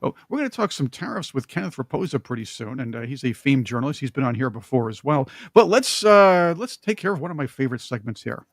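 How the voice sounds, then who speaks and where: A man hosting a political talk show, opinionated and joking, with emphatic, animated delivery. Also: medium pitch, quick pace, hardly any pauses, no echo, studio quality.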